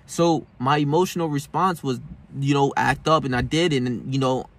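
A man's voice: mid-range voice, moderate pace. A young man vlogging a personal story in casual, profane street slang, shifting between heated and subdued. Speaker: self-help vlogger.

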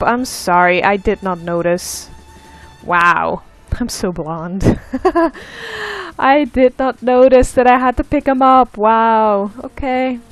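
A woman giving casual let's play commentary, easily frustrated, swearing and shouting at the game, then laughing at herself. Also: fairly high pitch, animated, takes it slowly, dry recording, faint music behind.

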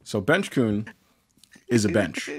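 A man's voice: lowish voice, big pitch swings, takes it slowly, breathy edge. A man casually recapping an anime on a podcast, rambling with lots of "like" and acting out the characters' lines. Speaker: podcast co-host.

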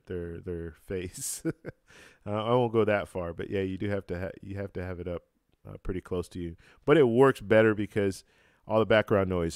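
A man's voice: sits low, clear, resonant tone, dry recording, studio quality. Casual man hosting a travel live stream. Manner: relaxed, halting, many fillers and restarts, laughs easily. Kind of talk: casual live-stream chat reading comments. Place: home room with a computer fan. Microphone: close-up microphone.

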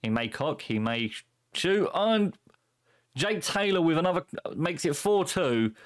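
A young man with a somewhat high voice speaks a little slowly while commentating a football management game on stream. He's playful and excitable, chuckling often and cracking puns.

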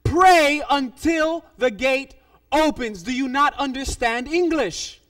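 A man's voice: very high-pitched, animated, fairly quick, fairly bright tone, exaggerated voice. A man voicing a firm, patient pastor giving instructions and repeating himself, recorded from a distance. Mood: insistent. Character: patient, firm male pastor, middle-aged.

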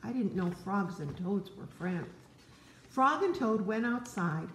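Slow, gentle older woman reading aloud. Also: mid-range voice, animated, a little hiss or hum. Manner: gentle, chatty asides to young listeners. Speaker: grandmother reading to children. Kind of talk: read-aloud storytelling for kids. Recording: roomy echo.

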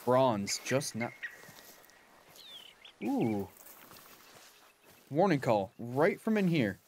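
A man's voice: mid-range voice, very animated, very slow, a little mellow, slight background noise. A young man giving casual, chatty commentary while playing a hunting game, laughing often and talking to his in-game dog. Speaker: gaming channel host.

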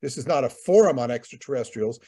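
A man's voice: mid-range voice, animated, fast, warm tone, breathy edge. A man co-hosting a talk, rambling in casual commentary, often repeating words and using fillers. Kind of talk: conversational commentary.

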